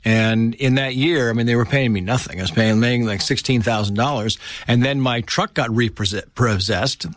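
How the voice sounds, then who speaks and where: A man's voice: mid-range voice, normal speed, few pauses, dry recording. A middle-aged man telling stories in a casual conversation, acting out the voices of the people he quotes.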